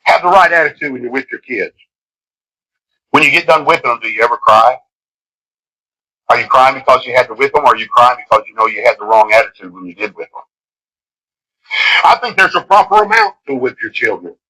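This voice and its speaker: A middle-aged man preaching a sermon in an impassioned way, swinging from shouts to hushed lines. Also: mid-range voice, a little fast, long pauses, breathy edge, low-quality recording. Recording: old cassette tape of a live sermon.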